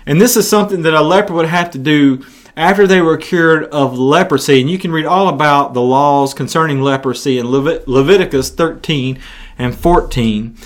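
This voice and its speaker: A man delivers a sermon, retelling scripture with animated storytelling and frequent restarts. His voice sits slightly higher than most men's. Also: normal speed. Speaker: preacher.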